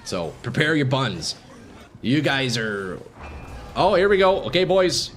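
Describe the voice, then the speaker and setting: A man streaming live gameplay, commenting casually to his viewers and swinging from calm explanation to excited shouting. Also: mid-range voice, a little slow, soft background music. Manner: casual, profane, addresses chat as boys.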